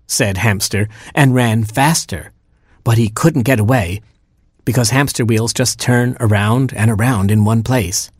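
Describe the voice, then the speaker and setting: A man reading a children's storybook aloud with a playful lilt. His voice sits fairly low and husky. The recording is close and dry with no room sound. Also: darkish tone, no echo.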